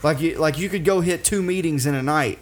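A man's voice: fairly high pitch, a little fast. A man in his thirties hosting a casual podcast, rambling and laughing along with his guest. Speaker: podcast host.

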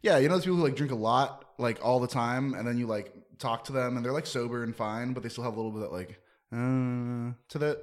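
A man's voice: medium pitch, quick pace, few pauses. A man hosting a podcast, asking playful questions and teasing his co-hosts. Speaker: podcast host. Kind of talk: casual podcast chat.

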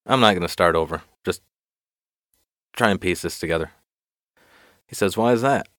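A man's voice: low voice, moderate pace, a bit bright, no room sound. A man hosting a solo podcast, telling a joke in a rambling, self-deprecating way and laughing often. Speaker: podcast host.

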